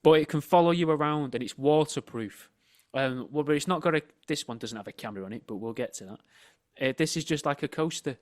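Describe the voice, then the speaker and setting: Deadpan man on a call. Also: fairly high pitch, quick pace. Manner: dry, deadpan jokes, laughs easily. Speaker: podcast co-host. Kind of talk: casual banter. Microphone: remote call.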